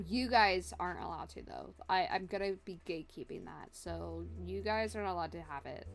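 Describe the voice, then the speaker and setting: A woman streams her art, chatting and joking casually with viewers while she draws, rambling and replying to the chat. Her voice is on the low side with a fairly bright tone, and faint music plays in the background.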